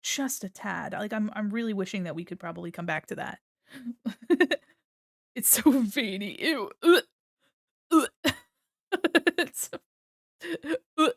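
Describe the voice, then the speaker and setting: A woman's voice: mid-range voice, expressive, a little slow, gravelly, long pauses, no echo, studio quality. A woman streamer chatting casually while she draws, playful and giggly, laughing often and talking to her chat at a desk mic. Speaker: art streamer. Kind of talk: casual commentary while drawing.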